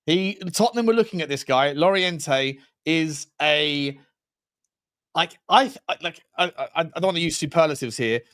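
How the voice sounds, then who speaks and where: A man co-hosting a football podcast, talking excitedly in casual slangy chat, rambling and cutting himself off mid-sentence. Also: fairly high pitch, normal speed. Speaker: podcast co-host.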